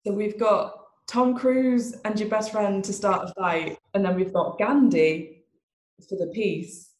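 A woman's voice: mid-range voice, measured pace, darkish tone, a little hiss or hum. A woman co-hosting a casual chat, making dry, wry remarks. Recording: echoey room.

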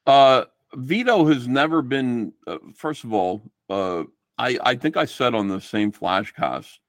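A middle-aged man talking casually as a podcast guest and acting out quoted exchanges as he goes. His voice swings widely in pitch. The recording is dry, with no room sound. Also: a little slow, no echo. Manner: animated, swearing, acts out quoted exchanges.

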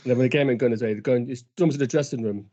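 Podcast co-host, man, warm dark tone, anecdotal, lo-fi sound. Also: mid-range voice, very fast, husky. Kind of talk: casual podcast chat. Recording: dull lo-fi sound.

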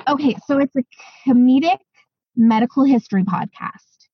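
A woman co-hosting a podcast in easy, excited chat, full of fillers and asides. Her voice is husky and breathy, and the sound is dry and a little muffled. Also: high voice, moderate pace, no room sound. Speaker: podcast co-host. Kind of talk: casual chat.

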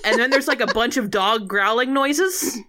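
A woman co-hosting a podcast, recapping a film in a wry, deadpan comedic way. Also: a little high, normal speed. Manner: wry, deadpan, breaks into silly voices.

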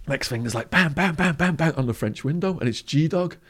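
A man's voice: a little high, lively intonation, fairly quick, a bit bright, husky. A man with an English accent, a podcast guest telling a vivid story and acting out the voices of the people in it. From England. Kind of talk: storytelling interview.

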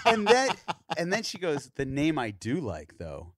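A man's voice: medium pitch, wildly swooping pitch, normal speed, no room sound, studio quality. A man in his thirties hosting a podcast, telling a story in casual chat and acting out other people's lines as he goes. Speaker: podcast host.

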